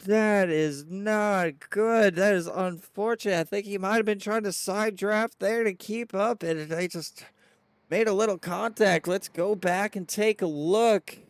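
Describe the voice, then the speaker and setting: A man doing excitable play-by-play race commentary with hiccups, reading viewer chat aloud. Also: sits high, normal speed, dry recording.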